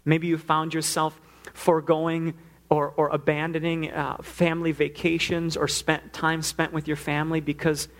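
A man's voice: fairly high pitch, completely flat delivery, normal speed. A man preaching a sermon, earnest, now and then acting out the pleas he quotes. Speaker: pastor.

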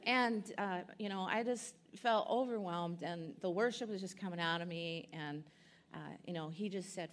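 A woman speaker at a church conference, telling an emotional testimony and teaching, earnest and halting with many fillers. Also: lowish voice.

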